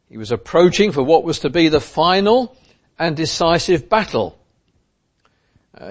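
A man preaching a sermon in an emphatic way, driving points home by repeating key phrases. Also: fairly high pitch.

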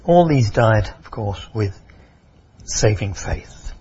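A man preaching a sermon, emphatic and expressive, often repeating and restarting phrases. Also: on the low side, slow, slightly rough, highs cut off.

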